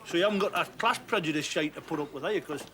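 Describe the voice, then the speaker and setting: An actor playing a brash young builder, talking boastfully and bluntly. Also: male voice, fairly high pitch, fast talker, pushed and bright. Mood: cocky.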